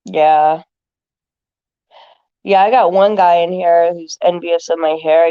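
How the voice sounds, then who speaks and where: A woman's voice: on the low side, level tone, slow, long pauses, warm tone, smooth, lo-fi sound. A woman streaming to her viewers, talking loosely and rambling, with lots of filler words as she answers chat. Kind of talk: casual rambling talk to viewers.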